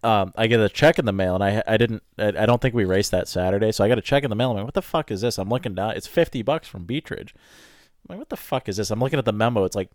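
Man, from Maine, animated, swearing, laughing storyteller, dry sound. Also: lowish voice, quick pace, no echo. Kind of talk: casual chat, storytelling.

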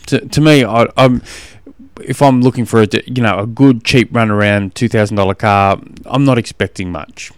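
Australian man, podcast host, casual rambling chat, smooth clear voice, dry close mic. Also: mid-range voice, no room sound. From Tasmania. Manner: rambling, frank, exasperated storytelling with frequent restarts. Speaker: podcast host and triathlon coach. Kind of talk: casual solo podcast monologue.

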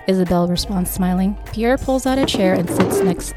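A woman reads her own novel aloud in a mellow, warm voice. She voices each character close to her natural voice, lifting slightly for the dialogue, with soft music playing underneath. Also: mid-range voice, moderate pace. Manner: reads every character in a near-natural voice with small lifts for dialogue. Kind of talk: audiobook read-aloud narration.

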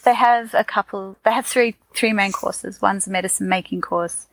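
A woman with an Australian accent talks in a loose, rambling podcast chat, full of fillers and restarts. Her voice has a gravelly edge. The sound is close and dry. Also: mid-range voice, fairly even intonation, normal speed, dry recording, poor audio. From Australia, Tasmania. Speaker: podcast co-host. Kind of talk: casual chat.

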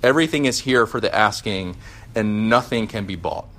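A man reading the part of a calm man come down from heaven, speaking softly and patiently in a lower voice. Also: normal speed, a little hiss or hum. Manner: soft, patient, lower and quieter.

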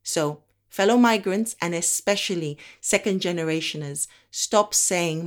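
Woman from Africa, low register; measured spoken-word monologue delivery. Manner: measured, deliberate delivery with slow emphatic pauses.

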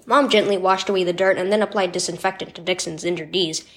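A woman reading a scripted children's devotional story in an expressive storytelling manner. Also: fairly low pitch, fast. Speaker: devotional reader.

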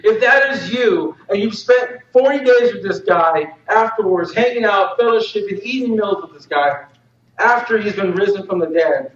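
A man with a fairly high voice delivers a laid-back, slangy sermon, leaning on "like" and "you know" as he talks to his congregation. He sounds set back from the mic in an echoing hall, and the recording comes through dull. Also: fairly bright tone, far from the mic. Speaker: preacher. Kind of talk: casual, jokey sermon.

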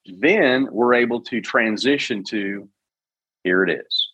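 This is a low, husky man's voice heard over a video call microphone. The sound is dry and close, with no room in it. He explains ideas in a coaching way and poses rhetorical questions as he talks. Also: slow pace, sharp tone, dry recording, highs cut off. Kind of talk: casual podcast chat.

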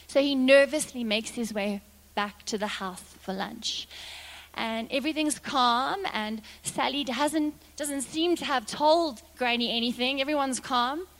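High-voiced woman preaching a sermon. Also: measured pace. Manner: lively, dramatic storyteller. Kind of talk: sermon storytelling.

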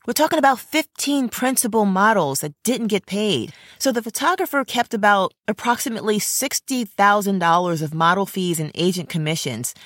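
A woman's voice: mid-range voice, normal speed, few pauses, a bit bright, no echo, studio quality. A woman, an actor and podcast host, telling a personal story in earnest, indignant first-person narration and speaking straight to fellow actors. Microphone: close studio mic.

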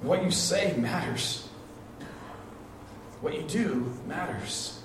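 A pastor with a fairly high, animated voice preaches a sermon at a slow pace. His delivery is conversational storytelling full of restarts and repeated phrases, recorded distantly in an echoey hall with faint noise.

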